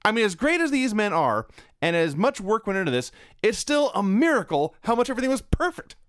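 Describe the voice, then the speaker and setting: A man's voice: sits high, big pitch swings, a little fast, fairly bright tone, no room sound. A man co-hosting a wrestling review show, trading dry quips and earnest praise. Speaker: wrestling podcast co-host. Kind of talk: casual review chat.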